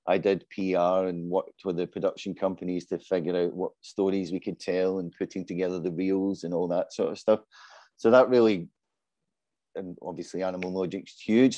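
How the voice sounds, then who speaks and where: Low, mellow-voiced man on a panel. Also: no room sound. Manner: modest, self-deprecating. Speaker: panelist, business development lead. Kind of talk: casual panel talk.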